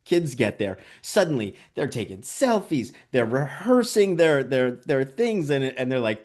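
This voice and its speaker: A man's voice: mid-range voice, moderate pace, hardly any pauses. Guy, documentary director in an interview, tells stories w lots of energy, acts out what people said, says "like" and "you know" a ton. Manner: animated storyteller, acts out quotes; frequent "like" and "you know" fillers. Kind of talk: interview conversation.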